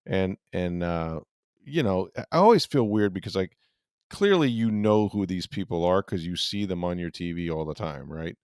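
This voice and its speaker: Middle-aged male podcast host with a deep voice, chatty and rambling, dry studio sound. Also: expressive, normal speed, a little mellow, clear, resonant tone, no echo. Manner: rambling storyteller with many fillers. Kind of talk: casual sports podcast chat.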